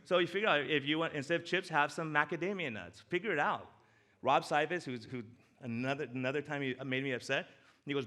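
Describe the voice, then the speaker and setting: Male doctor speaking at a men's breakfast; crisp, bright tone; animated and jokey, drops soft when moved. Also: fairly high pitch, quick pace. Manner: animated and joking, swings between loud excitement and soft emotion. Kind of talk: casual talk with slides. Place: church hall.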